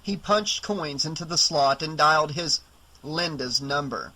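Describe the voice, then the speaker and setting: A man reading a horror novel aloud as audiobook narrator, in a steady, even reading voice. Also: on the high side, a little slow, poor audio. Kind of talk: scripted narration.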